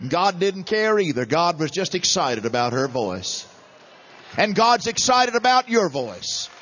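A middle-aged man preaching a sermon, animated and chuckling between points. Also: high voice, unhurried, breathy edge, long reverb tail. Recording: dull lo-fi sermon recording.

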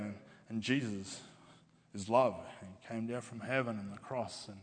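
A middle-aged man preaching a testimony sermon to a congregation, talking in a halting way with many fillers and restarts. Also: on the low side, steady tone, breathy edge. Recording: long reverb of a hall.

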